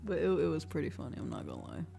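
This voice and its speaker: A woman's voice: sits low, huge pitch swings, rapid-fire, gravelly, warm tone. A woman streamer in casual chat, laughing often and swearing casually. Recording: distant mic with faint music.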